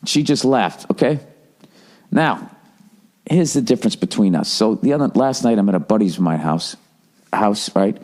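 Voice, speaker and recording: A middle-aged American man with a fairly low voice, ranting on a podcast. He swears freely, stumbles and restarts sentences, and keeps a loose comedic flow. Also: expressive, normal speed, long pauses, darkish tone. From United States. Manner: profane, ranting, with frequent restarts. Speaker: podcast host.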